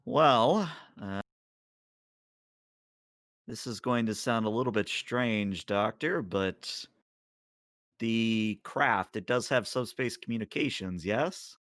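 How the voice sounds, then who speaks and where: A level-headed crew officer, played by a man speaks in a lowish, matter-of-fact tone. He keeps things brief and practical. The sound is dry and close. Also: takes it slowly, long pauses, a bit bright, no echo.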